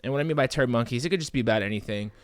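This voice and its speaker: A man's voice: mid-range voice, racing, dry recording. A man hosting a live podcast, chatting casually in a playful, rambling, joking way. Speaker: podcast host.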